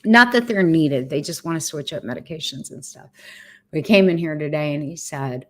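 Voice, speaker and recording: A woman's voice: deep voice, normal speed, fairly bright tone. A middle-aged woman giving a candid personal update in a vlog from home, frank and emotional, with casual swearing. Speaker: vlogger sharing a cancer journey.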